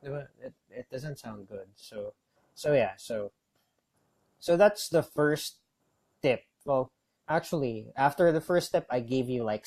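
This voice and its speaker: Speaking in a mid-range, slightly mellow voice, a male call center trainer offers casual, direct advice in a coaching style. The instructional talk rambles, with lots of fillers and restarts.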